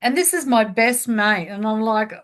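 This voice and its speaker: A woman's voice: fairly high pitch, moderate pace, a bit bright. A woman hosting a podcast, chatting casually and acting out quoted lines as she tells a story. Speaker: podcast host. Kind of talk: casual conversation.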